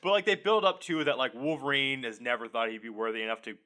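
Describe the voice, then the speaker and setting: A man's voice: medium pitch, fast, pushed and bright. A man co-hosting a podcast, chatting casually, laughing often and swearing freely while retelling a story. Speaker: podcast co-host. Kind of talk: casual chat.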